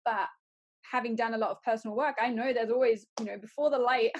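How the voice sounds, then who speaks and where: A woman's voice: fairly high pitch, steady tone, fast, dull audio, slight background noise. A woman hosting a conversation, rambling with many fillers and restarts. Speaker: host.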